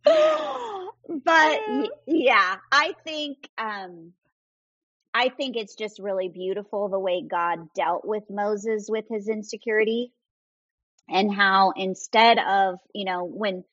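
A woman's voice: medium pitch, animated, takes it slowly, fairly bright tone, no echo, dull audio. A woman author as a guest, telling a faith story earnestly and acting out quoted voices. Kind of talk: faith-based interview storytelling.

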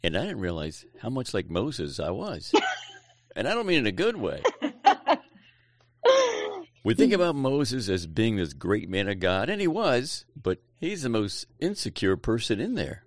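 A man's voice: fairly low pitch, huge pitch swings, a little slow, no room sound, clean studio sound. A man hosting an interview, chatty and laughing easily. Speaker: host. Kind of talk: interview questions.

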